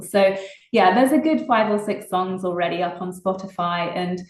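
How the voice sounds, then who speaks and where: A British woman, a singer-songwriter, chatting casually in an interview, laughing often between fast bursts of talk. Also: medium pitch, darkish tone, echoey room, low-quality recording. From Britain.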